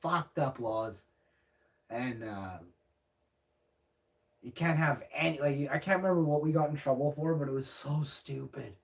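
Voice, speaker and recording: A man's voice: a little high, measured pace, gravelly, pauses often, distant mic. A young man telling a brash, profane story in a casual livestream monologue. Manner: brash, profane, rambling, acts out his own shouts. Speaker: live streamer. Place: home room at night. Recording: voice set back from the mic.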